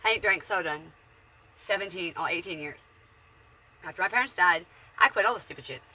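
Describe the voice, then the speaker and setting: A woman's voice: fairly low pitch, a little fast, pushed and bright, slightly rough. A woman in her forties, chatting bluntly and profanely from her bedroom in a casual, rambling monologue. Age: 40s. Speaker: vlogger.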